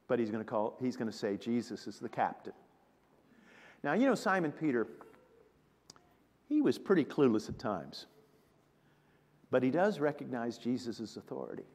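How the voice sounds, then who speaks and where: A man preaching a sermon, emphatic and deliberate, retelling scenes with drama. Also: mid-range voice, a little mellow. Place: church sanctuary. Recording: long reverb of a church hall.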